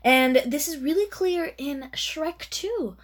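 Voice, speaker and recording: A woman from Karnataka in India, a native Kannada speaker, co-hosting a casual chat with a playful, giggly manner. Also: high voice. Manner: playful, giggly, drawn-out delivery. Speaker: podcast co-host.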